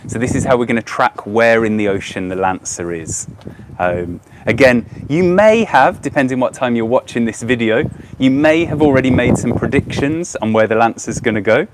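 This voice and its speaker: A man's voice: mid-range voice, moderate pace. Man, Brummie accent, educational presenter, upbeat, lots of ums, noisy outdoor phone recording. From Birmingham, England. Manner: chatty and upbeat, with frequent ums and uhs. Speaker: aquarium educator presenting a live stream. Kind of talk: outdoor educational live stream. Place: outdoors by a car park.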